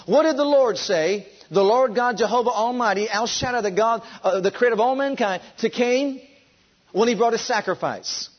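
A man preaching a sermon with fervent, drawn-out emphasis, leading his congregation to repeat after him. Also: very high-pitched, dull audio. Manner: leads the congregation in call and response.

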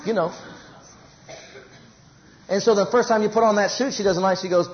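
A man preaching a sermon in an animated way, repeating phrases for emphasis and acting out everyday quarrels. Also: sits high, moderate pace, muffled recording.

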